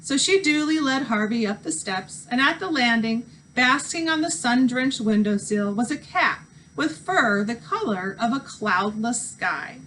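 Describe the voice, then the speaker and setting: A woman teacher reading a novel aloud to students with expressive narration. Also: on the high side, measured pace, a little hiss or hum, low-quality recording.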